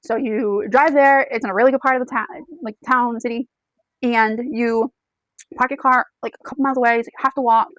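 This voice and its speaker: A woman's voice: fairly high pitch, steady tone, a little fast, fairly bright tone, dry recording, poor audio. A woman giving a casual, chatty book review, retelling the plot in second person with frequent check-ins.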